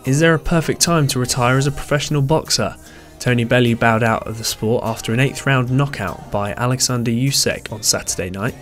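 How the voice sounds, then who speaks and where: A man's voice: medium pitch, brisk, fairly bright tone. Male boxing reporter narrating over music. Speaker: sports reporter. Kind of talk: scripted news package narration.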